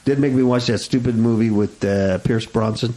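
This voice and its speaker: A man's voice: medium pitch, steady tone, normal speed, mellow, low-quality recording. A man hosting a radio talk show, chatting casually in a sarcastic, mocking way. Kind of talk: casual chat.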